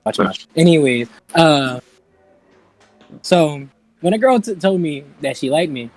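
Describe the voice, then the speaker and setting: A young man co-hosting a podcast, telling stories in an animated, laughing way. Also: fairly high pitch, a little slow, no echo, low-quality recording. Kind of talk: casual chat.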